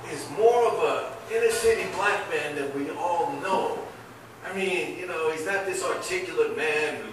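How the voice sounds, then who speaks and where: A man's voice: high voice, background noise. An older man performing open mic stand-up, rambling and laughing at his own jokes. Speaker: stand-up comedian. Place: comedy club. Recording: echoey club, far from mic, crowd. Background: audience laughter.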